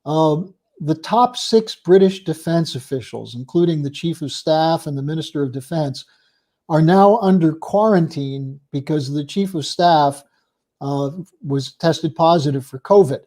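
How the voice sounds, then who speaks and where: A man's voice: a little high, a little slow. A middle-aged man giving a political commentary monologue on a live show, telling events as stories. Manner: animated storytelling commentary, quoting officials in passing.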